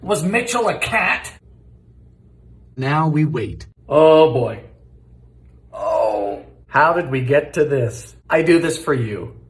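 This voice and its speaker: A man cooks in his home kitchen and quips his way through the recipe, dry and sarcastic one moment and yelling the next ingredient the next. His pitch swings all over, and the room rings with a bright, echoey bounce. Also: slow pace, long pauses. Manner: sarcastic, deadpan one-liners with sudden shouted ingredient calls. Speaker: host of a cooking video. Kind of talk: comedic vintage-recipe cooking vlog.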